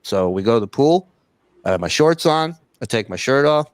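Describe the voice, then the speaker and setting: A man from Alabama co-hosting a podcast, telling a story in casual, animated chat and swearing freely as he acts out what people said. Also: mid-range voice, normal speed, no echo. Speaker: podcast co-host.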